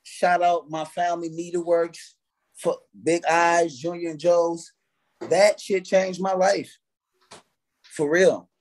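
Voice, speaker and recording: Guy on a podcast, kinda high voice, swears a lot, super animated telling stories. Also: takes it slowly. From United States. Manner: profane, animated, acts out his own past reactions. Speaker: guest artist. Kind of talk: casual interview storytelling.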